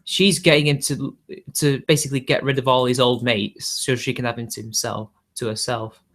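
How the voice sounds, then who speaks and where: A man's voice: mid-range voice, steady tone, moderate pace, a bit bright. A man hosting a casual livestream, talking off the cuff in a rambling, hedging way with frequent chuckles. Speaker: livestream host.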